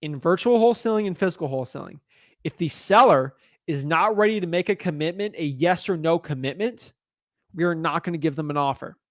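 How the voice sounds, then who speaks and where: A man's voice: a little high, no echo, studio quality. A young adult man coaching on real estate wholesaling in a live video, speaking with a confident, emphatic manner. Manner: confident, emphatic, pushy delivery.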